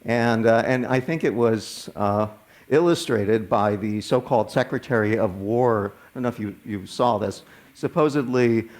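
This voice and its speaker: A man's voice: medium pitch, normal speed. A man, a minister telling a personal story in a sermon in a conversational way, often restarting words. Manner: conversational, animated when quoting others, frequent stammered restarts.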